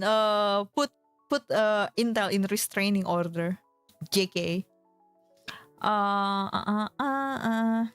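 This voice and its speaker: A woman's voice: medium pitch, slow pace, fairly bright tone, clear, resonant tone, no room sound, faint music behind. A woman streamer in casual chat, giggling often and filling her talk with fillers.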